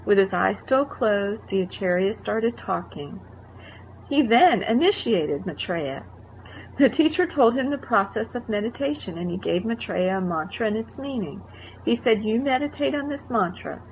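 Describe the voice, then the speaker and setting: A woman's voice: mid-range voice, animated, measured pace. A woman narrates a life story in a conversational way, stopping to explain things to the listener. The recording is dull and lo-fi, with a faint hiss underneath.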